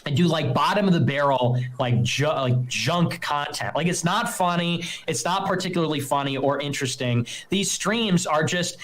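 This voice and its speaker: Brief: fairly high-pitched man as a stream host, emphatic casual rant with mocking impressions. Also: a bit bright, rough recording. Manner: emphatic, mocks others in put-on voices. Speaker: livestream host.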